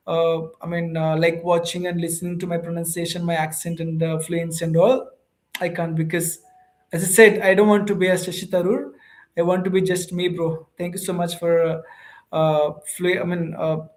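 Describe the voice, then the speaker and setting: A man with an Indian accent hosting a casual livestream, reading viewer comments aloud and talking to viewers informally in halting speech full of fillers and restarts. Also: sits high. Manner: hesitant, many fillers and restarts; informal, calls viewers bro and ma'am. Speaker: host of an English practice livestream.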